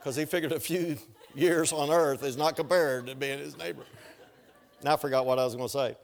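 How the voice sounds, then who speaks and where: A man delivers a sermon in a slightly higher-than-usual voice. He tells personal stories with humor and keeps asking the congregation if they are following along. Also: fairly even intonation, a little fast, vocal fry. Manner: storytelling with humor and asides to the congregation. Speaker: pastor.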